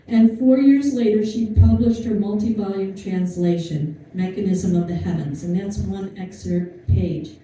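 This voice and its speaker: Woman lecturer, mellow dark voice, chatty storytelling, distant mic, very echoey room. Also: mid-range voice, moderate pace, hardly any pauses. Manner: chatty, animated storytelling with asides and fillers. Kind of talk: informal history talk to an audience.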